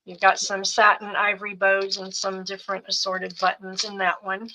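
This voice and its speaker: A middle-aged woman slowly showing off craft supply bundles piece by piece on a live sales show. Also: medium pitch, completely flat delivery, bright, forceful tone, slight background noise, low-quality recording. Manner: unhurried, listing items one by one.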